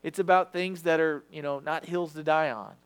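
A man's voice: fairly high pitch, fairly even intonation, normal speed, smooth. A man preaching a sermon in a conversational, confessional way, acting out quoted voices. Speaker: pastor.

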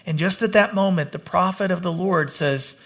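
A man's voice: high voice, moderate pace, a bit bright. A man preaching a sermon, retelling a scripture story and acting out the characters' lines.

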